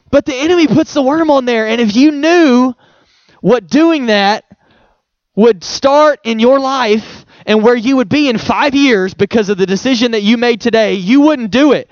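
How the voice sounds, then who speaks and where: A man's voice: very high-pitched, no room sound, dull audio. A male pastor giving a sermon in a conversational, playful way, with homely examples.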